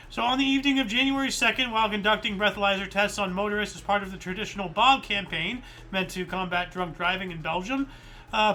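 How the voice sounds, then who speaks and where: A man's voice: high voice, sharp tone. A male host of a livestreamed news recap who reads odd stories aloud and then riffs on them, slightly out of breath.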